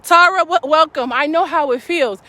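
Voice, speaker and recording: A woman's voice: sits high, normal speed, sharp tone, no echo. A woman giving a fervent, preaching-style live stream talk, calling out to her audience as a faith speaker.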